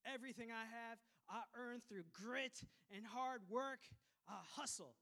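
High-voiced joking male pastor. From Minnesota, USA. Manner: lively and joking, with quick asides to the congregation. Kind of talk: sermon.

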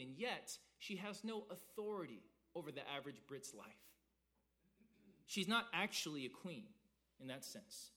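A man from the South, preaching a sermon in an animated way, acting out quotes and repeating words as he goes. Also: high-pitched. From American South. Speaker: pastor.

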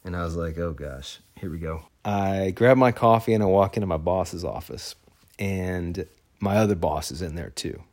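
A man in his thirties with a notably deep, low voice tells a story from his own life. He talks casually and loosely, circling back with fillers and self-corrections, and breaks into a wry laugh at his own misfortune. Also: normal speed, a little mellow.

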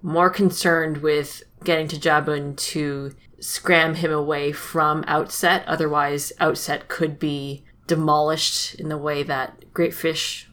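Low, bright-toned woman chatting. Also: little pitch movement, slow pace, few pauses. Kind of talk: casual chat recapping a video game.

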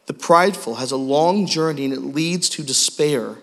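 Male pastor, sermon, self-deprecating storyteller, bright high voice, long hall reverb. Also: moderate pace.

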